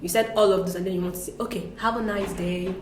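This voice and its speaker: A woman's voice: mid-range voice, fairly even intonation, a little mellow, roomy sound, a little hiss or hum. Patient woman teaching French greetings. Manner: patient, explains slowly with repeated examples. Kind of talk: conversational language lesson.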